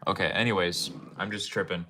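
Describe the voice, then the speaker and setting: A man's voice: deep voice, fairly even intonation, brisk, sharp tone, a little hiss or hum. A young man streaming from his room at home, rambling casually and talking to his chat in a laid-back way. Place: home room with game shelves.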